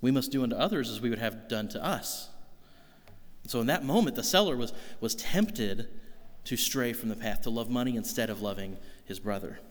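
A man's voice: mid-range voice, moderate pace, big-room sound. A man preaching a sermon in an earnest, conversational way, asking the congregation rhetorical questions. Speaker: pastor.

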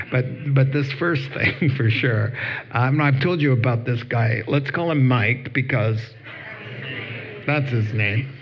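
A pastor with a husky, mid-range voice preaches a sermon, slipping into lively acted-out voices when retelling conversations. The recording sounds somewhat dull and lo-fi.

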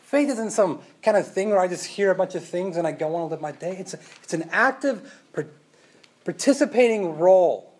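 Man, high voice, conversational sermon, rhetorical questions, loud then hushed. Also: expressive, fairly quick, husky. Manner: casual, rhetorical questions, tag "right?"; swings between loud emphasis and quiet asides. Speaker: preacher.

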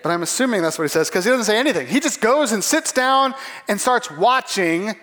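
Animated high-voiced male preacher. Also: fairly quick. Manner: animated, acts out voices of characters. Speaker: pastor. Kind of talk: sermon. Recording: long hall reverb.

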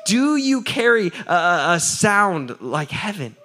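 A man preaches to a crowd with a fairly high voice. He keeps it lively and casual, throws questions out to the listeners, and laughs between points. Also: slow pace, a little hiss or hum. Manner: energetic, asks the crowd for answers; laughs often, repeats "right?". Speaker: pastor. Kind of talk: sermon.

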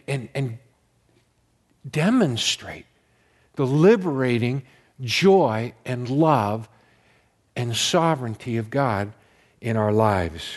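A man preaching a sermon as pastor, telling a story earnestly and repeating key words for emphasis. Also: mid-range voice.

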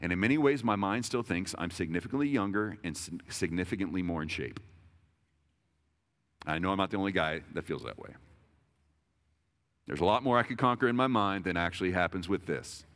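A man's voice: low-pitched, a little fast, pauses often, fairly bright tone. A man in his thirties preaching a sermon in a conversational, self-deprecating way, with jokes and frequent restarts. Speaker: pastor.

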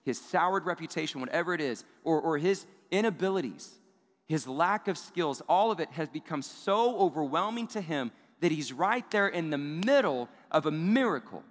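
A man's voice: fairly high pitch, lively intonation, normal speed, long reverb tail. A man and father preaching a sermon in a conversational way, often tossing in rhetorical "right?" asides. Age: adult parent of young children. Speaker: pastor.

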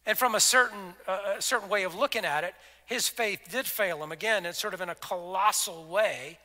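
A man preaching a sermon as pastor, conversational, acting out scripture dialogue and dropping to soft, intimate tones. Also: sits high, brisk. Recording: long reverb of a large hall.

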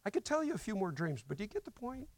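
A male guest preacher delivers a conversational sermon, telling stories and asking the congregation rhetorical questions. His voice sits high and has a gravelly edge. The sound is dry and close, and he builds to loud emphasis. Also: big pitch swings, racing, no room sound. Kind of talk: sermon with storytelling. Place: church.

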